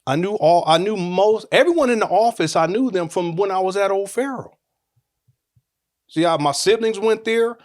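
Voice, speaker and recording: A man's voice: high-pitched, normal speed. A man in his forties telling a personal story in a casual, rambling, joking way, often restarting his sentences.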